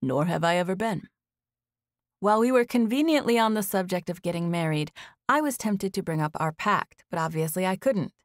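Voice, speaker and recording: A woman narrating an audiobook in the first person with intimate, steady storytelling from a recording booth. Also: mid-range voice, fairly quick, no room sound, clean studio sound.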